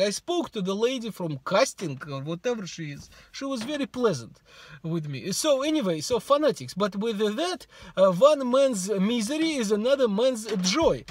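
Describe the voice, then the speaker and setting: Middle-aged Russian-accented man, high-pitched, deadpan self-mocking vlogger. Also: a little hiss or hum. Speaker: YouTuber. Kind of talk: casual vlog monologue to camera.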